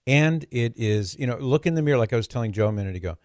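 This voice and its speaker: Lively male radio host, dry studio sound. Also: mid-range voice, quick pace, no room sound. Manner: animated, laughs easily, repeats words for fun. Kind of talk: casual radio talk.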